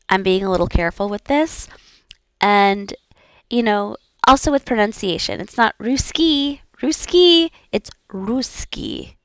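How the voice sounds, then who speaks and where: Woman, young adult, casual language practice, repeats words aloud, slow-paced, dry sound. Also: mid-range voice, clear, resonant tone, dry recording. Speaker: VTuber language learner.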